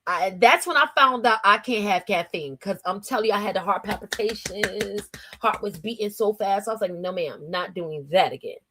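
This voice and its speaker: A woman's voice: mid-range voice, normal speed, sharp tone, slight background noise. A woman from New Jersey with a New Jersey accent, hosting a casual morning livestream in a chatty, slangy way, laughing often and reading her chat aloud. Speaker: livestream host.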